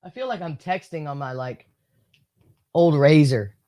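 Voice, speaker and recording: A man's voice: a little high, animated, a little slow, mellow, no echo. A man co-hosting a casual radio show from a studio, teasing his partner and laughing easily. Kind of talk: casual morning radio banter. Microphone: studio mic.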